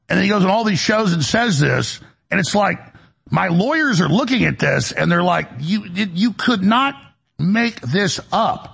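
A man's voice: sits high, vocal fry, a bit bright, breathy edge. A man hosting a broadcast show from a studio, talking in an agitated, rambling monologue that is full of repeated words and restarts. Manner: agitated, repetitive, with many restarts. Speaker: radio and web show host.

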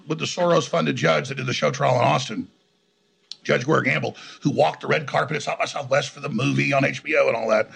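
A middle-aged man talks through a heated interview, his voice thick with gravel and rough, breathy husk. He speaks in a slightly high register for a man and piles up restarts and repeated words as he pushes his point. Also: a bit bright. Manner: rapid, combative, rambling with frequent restarts. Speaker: interview guest. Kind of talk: heated conversational storytelling.

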